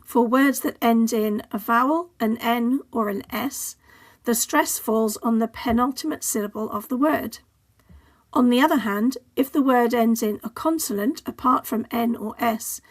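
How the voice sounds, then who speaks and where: Clear English woman teaching pronunciation. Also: fairly high pitch. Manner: clear, measured teaching delivery, carefully modelled example words. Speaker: languages teacher. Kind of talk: scripted instructional narration.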